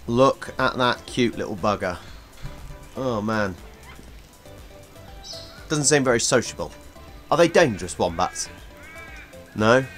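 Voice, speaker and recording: An English travel vlogger walks around an outdoor wildlife park and reptile house, chatting playfully about the animals in casual walk-and-talk commentary. His mid-range voice is animated and a bit bright, slow with long pauses, over soft background music.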